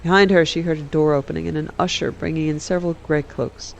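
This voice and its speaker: Relaxed man reading a story aloud. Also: on the high side, quick pace, creaky. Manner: relaxed, self-correcting. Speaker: game streamer reading an in-game book. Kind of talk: casual read-aloud narration.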